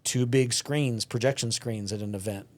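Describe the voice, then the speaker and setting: Texan male podcast host, casual and animated, acts out quotes. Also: medium pitch, normal speed. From West Texas. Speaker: podcast host and gym owner.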